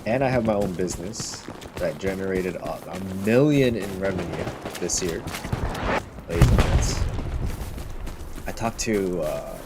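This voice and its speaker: A man's voice: low-pitched, lively intonation, a little slow, pauses often, heavy background noise. A man boasting and swearing in casual commentary over a shooter game, brash and bragging. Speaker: gaming streamer. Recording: loud game gunfire behind voice. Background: loud gunfire and artillery from the game.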